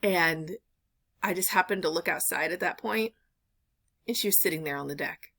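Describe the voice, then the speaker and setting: A woman's voice: lowish voice, moderate pace, creaky, a bit bright. A woman vlogger at home, telling a rambling story in casual chat, full of "like" and "um" fillers. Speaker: reseller vlogger.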